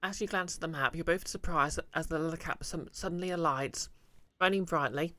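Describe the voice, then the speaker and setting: A man's voice: on the high side, fairly quick, sharp tone, no room sound. A man streaming a game, chatting casually and jokingly while reading the game text aloud.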